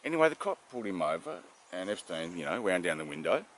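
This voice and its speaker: A man's voice: sits low, sing-song, fast, a little hiss or hum. A man telling jokes casually and rambling through them with many fillers, calling his listener darling. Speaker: joke teller.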